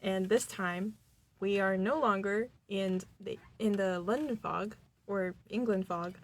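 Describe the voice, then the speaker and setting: A woman's voice: mid-range voice, measured pace. Giggly young woman from Boston, rambling. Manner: giggly, rambling with many fillers. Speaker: podcast co-host. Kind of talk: casual chat. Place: small recording studio.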